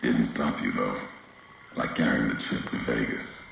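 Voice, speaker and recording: An actor playing a grim, brooding male wanderer in a video game, speaking in slow, solemn fragments with a deep gravelly voice. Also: fairly bright tone, heavy reverb, slight background noise, full character voice. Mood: accusing.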